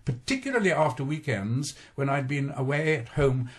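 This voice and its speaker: A man in his late sixties, raised in Scotland, speaking with an English received pronunciation accent in a measured, anecdotal radio interview, recorded as an archival radio broadcast. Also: mid-range voice, expressive. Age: 60s. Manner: measured, anecdotal, slips into quoted voices. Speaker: actor being interviewed.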